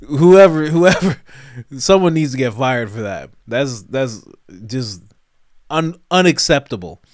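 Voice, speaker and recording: A man hosts a comedic reaction commentary with lots of pitch movement, often breaking into laughter. The voice is close and dry. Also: expressive, slow pace, dry recording. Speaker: commentary show host.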